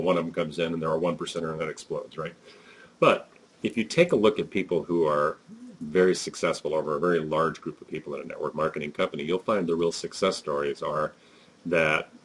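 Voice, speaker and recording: A man's voice: low voice, breathy edge. A man giving a conversational, emphatic motivational talk as a network marketing trainer, with frequent fillers.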